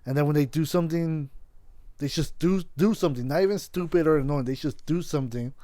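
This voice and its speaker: A man's voice: on the high side, brisk, mellow, no room sound. A young man co-hosting a casual podcast, rambling and cursing, stumbling over and repeating his words. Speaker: podcast co-host. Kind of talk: casual chat.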